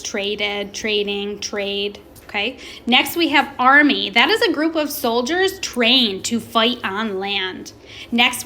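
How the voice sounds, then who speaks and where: A woman teaching a recorded class, slowly modelling pronunciation and asking questions. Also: on the high side, pushed and bright, a little hiss or hum. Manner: slow, deliberate, stretches words to model pronunciation; asks questions and pauses for students. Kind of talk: recorded remote classroom lesson.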